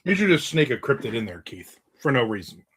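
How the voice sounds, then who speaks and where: A man's voice: medium pitch, sing-song, a little fast, a bit bright, a little hiss or hum. A middle-aged man hosting his own casual live show, chatting, telling everyday stories and joking with viewers. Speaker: host of a live video show. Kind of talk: casual chat reading viewer comments.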